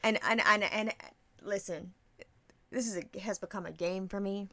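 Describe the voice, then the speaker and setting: A woman's voice: medium pitch, moderate pace, pushed and bright, dry recording. Blunt, playful woman podcast co-host. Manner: blunt, playful, swears freely, acts out quoted exchanges. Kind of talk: casual chat.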